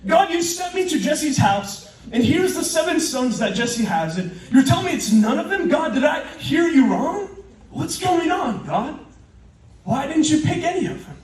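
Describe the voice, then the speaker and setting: A man voicing an excitable young male prophet in a retold story, talking with exclamations and laughter. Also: extremely high pitch, a little fast, few pauses, a little hiss or hum, voice pushed up. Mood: baffled. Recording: echoey hall from far off.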